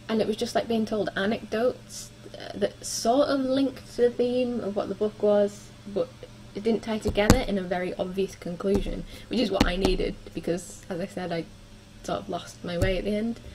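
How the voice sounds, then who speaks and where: A woman's voice: medium pitch, fairly even intonation, normal speed, hardly any pauses, dark tone, a little hiss or hum, low-quality recording. A young woman chatting casually through her book reviews, with frequent ums and likes. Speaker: book vlogger.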